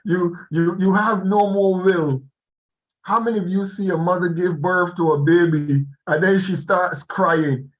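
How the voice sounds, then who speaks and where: Guy giving a slow pep talk to an online class, kinda high voice, laughs a lot, muffled call audio. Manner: slow, animated, laughs often. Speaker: speaker addressing an online class. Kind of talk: motivational talk on a video call. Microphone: video call.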